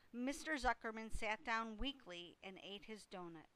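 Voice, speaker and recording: A woman reading a children's storybook aloud, gently and unhurriedly, with small character voices. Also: a little high, lively intonation, moderate pace, hardly any pauses, clean tone, rough recording. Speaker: reader.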